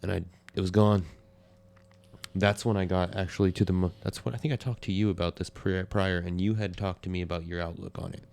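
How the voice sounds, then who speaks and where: A man's voice: deep voice, steady tone, fairly quick, gravelly, darkish tone. A man co-hosting a podcast who talks bluntly and openly about personal loss in casual conversation. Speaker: podcast co-host.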